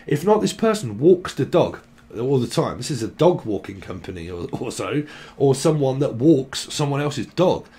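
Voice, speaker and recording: A man's voice: mid-range voice, big pitch swings, normal speed, dark tone. A man giving a loose, free-associating tarot reading, jumping between names and words and joking as he goes. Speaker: tarot reader. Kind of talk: rambling channeled tarot reading.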